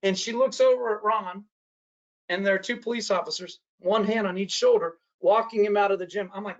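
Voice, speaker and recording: A man's voice: high voice, fast. A man tells a story in a workshop presentation. He stops often on "uh, uh" and keeps asking the audience "right?" The sound is muffled, like lo-fi webinar audio. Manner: storytelling, frequent "uh, uh" and tag questions "right?". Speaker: workshop speaker.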